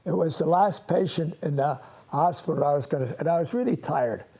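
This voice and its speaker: Gravelly old priest, rambling warmly. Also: male voice, fairly high pitch. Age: 80s. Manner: halting, with frequent restarts and chuckles. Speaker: priest hosting a call-in show. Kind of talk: rambling call-in storytelling.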